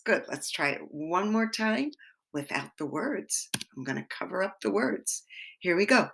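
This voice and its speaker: A woman teaching young children in a gentle, encouraging way, sometimes dropping to a whisper. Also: lowish voice, big pitch swings, measured pace. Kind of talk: slow, animated children's lesson.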